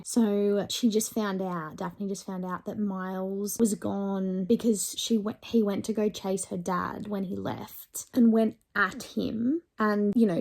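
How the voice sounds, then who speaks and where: A woman's voice: medium pitch, vocal fry. Chatty woman book vlogger. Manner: chatty, emotional, reads passages aloud. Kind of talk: casual reading vlog.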